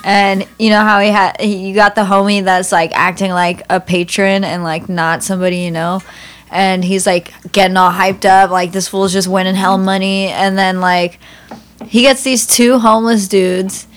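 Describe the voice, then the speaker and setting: A woman's voice: medium pitch, flat delivery, normal speed. A woman guest on a podcast, chatting casually and telling stories in slangy speech full of "like". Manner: storytelling with slangy filler "like". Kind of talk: casual chat.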